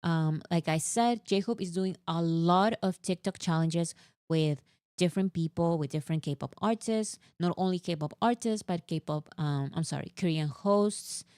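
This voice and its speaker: A woman with a fairly low voice talks through a casual fan chat, animated and a little exasperated, piling on fillers as she over-explains. The sound is dry and close, with no room echo. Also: unhurried, clean tone. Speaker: co-host.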